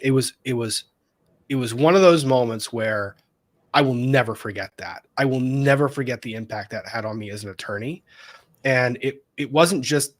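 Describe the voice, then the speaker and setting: An attorney co-hosting a casual chat speaks in a mid-range voice at normal speed. He earnestly recalls moments with judges, repeating phrases for emphasis.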